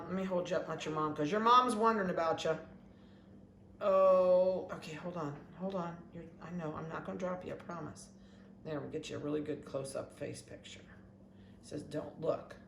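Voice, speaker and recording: A dog breeder chatting casually while weighing and collaring puppies, talking softly and coaxingly to them. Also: medium pitch. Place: indoor kennel room. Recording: echoey room with faint background noise.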